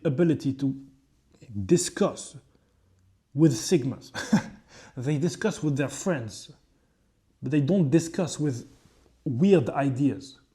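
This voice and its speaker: A man's voice: fairly high pitch, dark tone. A man in his twenties with a French accent, talking casually to the camera in a rambling, profane vlog monologue with frequent asides. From France. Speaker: chef and fitness creator.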